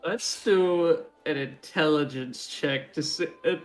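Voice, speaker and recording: A man's voice: a little high, slow pace, faint music behind. A man playing in a tabletop game, talking casually and hesitantly. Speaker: player.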